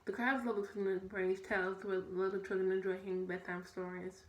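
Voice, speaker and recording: With a brisk pace and little pitch movement, a young adult student's mid-range voice reads a children's story, stumbling over words and correcting herself. Her voice echoes in the room, over a faint background noise.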